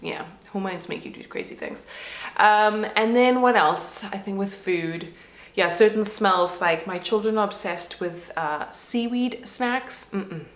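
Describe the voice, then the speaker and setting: Congested woman chatting in a roomy space. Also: medium pitch. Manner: chatty, rambling, frequent fillers. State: congested nose. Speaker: vlogger and mother. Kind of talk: casual chat to camera. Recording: roomy echo.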